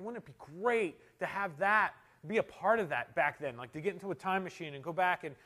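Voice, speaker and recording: A male pastor preaching a sermon, moving between loud emphatic climaxes and quiet, intimate stretches. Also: high voice. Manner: tells humorous anecdotes, shouting quoted amens.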